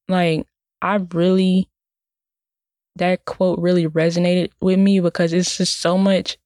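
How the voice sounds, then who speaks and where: A woman's voice: fairly low pitch, darkish tone, no echo. Indignant woman with a dry, close sound. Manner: indignant, rambling, many "like" fillers and restarts. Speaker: vlogger. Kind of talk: casual personal monologue.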